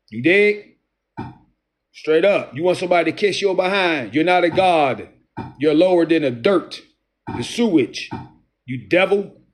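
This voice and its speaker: A man preaching in a confrontational style, reading scripture slowly and taunting his listeners with profanity. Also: fairly high pitch. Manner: reads scripture slowly, restarts verses. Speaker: street preacher.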